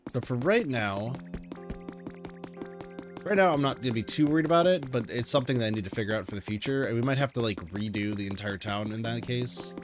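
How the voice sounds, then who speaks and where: A man's voice: mid-range voice, a little fast. A man streaming a video game, chatting casually and thinking aloud with lots of fillers. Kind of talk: casual let's-play commentary. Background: game music.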